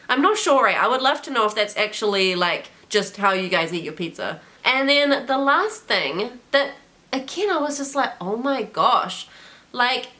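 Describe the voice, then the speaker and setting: A young woman from New Zealand, with her country's accent, chats to camera in a loose, animated way, full of "like" and "eh". Her voice is bright and sits a little high. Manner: chatty, animated, many "like"s and "eh"s. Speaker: travel vlogger. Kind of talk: casual vlog chat.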